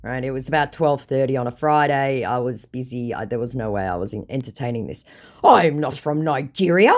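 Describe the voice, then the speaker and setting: A woman's voice: extremely low pitch, fairly even intonation, brisk, a little mellow. A young woman, narrating her scam-baiting chats in a dry, mocking, exasperated way. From New Zealand. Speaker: scam-baiting video creator. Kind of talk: sarcastic storytelling narration.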